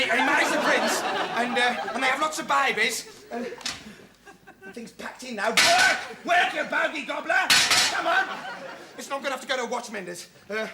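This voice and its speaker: An actor playing a scatterbrained young reporter who rambles through a comic monologue full of fillers and sudden outbursts. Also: male voice, extremely high pitch, heavy background noise. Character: dim, rambling young male would-be investigative reporter. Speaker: comic character in a sketch show. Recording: old TV audio with a studio audience laughing.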